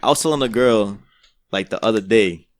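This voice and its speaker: New man, low voice with wide swings, dry close mic; slangy podcast co-host. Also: moderate pace, dry recording. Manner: animated slangy banter, mimics others in high voices. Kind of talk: casual chat.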